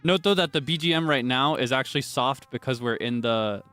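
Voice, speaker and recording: Bright-voiced chatty male game streamer. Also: a little fast, clear, resonant tone. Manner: chatty, rambling, with sudden high shouting outbursts. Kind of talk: casual gameplay chat.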